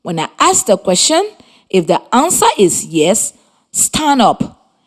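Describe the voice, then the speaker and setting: A woman from Liberia teaching a reading lesson by radio, speaking slowly and clearly with encouraging questions to the children. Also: mid-range voice, very animated.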